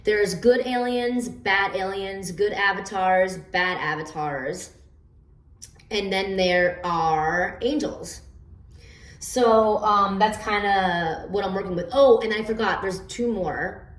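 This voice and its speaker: A woman's voice: mid-range voice, slow pace. A woman casually explaining her homemade oracle cards, rambling with fillers and stammered restarts. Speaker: oracle card reader. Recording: roomy echo, distant from the mic.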